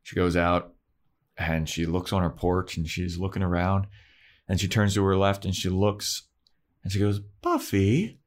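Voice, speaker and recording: A man's voice: low voice, flat delivery, moderate pace. A man co-hosting a casual podcast, retelling TV scenes step by step. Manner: storytelling, retells scenes with acted quotes. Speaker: podcast co-host. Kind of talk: casual chat recapping a TV episode.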